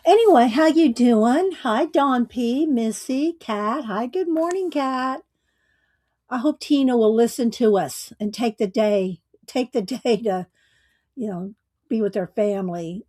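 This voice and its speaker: A woman's voice: a little high, warm tone. A woman hosting a casual livestream, greeting viewers by name and chatting in a rambling way. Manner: slow, rambling, with fillers and small laughs. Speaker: livestream host.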